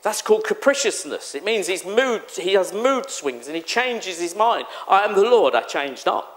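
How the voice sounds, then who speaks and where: A man preaching a sermon in a church, animated and exclamatory, acting out the voices he quotes. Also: sits high, normal speed. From England. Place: church hall.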